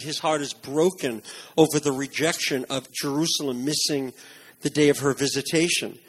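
Male pastor, fairly high husky voice, earnest emphatic sermon delivery with quieter reflective moments. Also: normal speed. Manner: earnest, emphatic preaching with softer reflective passages.

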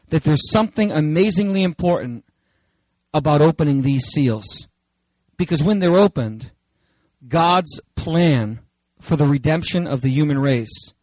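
A man preaching a sermon in an animated, dramatic way with playful asides. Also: medium pitch, dry recording, poor audio.

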